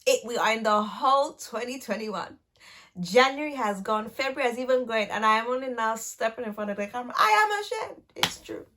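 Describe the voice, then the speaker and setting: A woman's voice: on the high side, brisk, pushed and bright. Chatty young woman vlogger. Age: 20s. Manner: chatty, playful and self-teasing, with light laughs. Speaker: YouTuber and speech and language therapist. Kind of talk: casual vlog catch-up to camera.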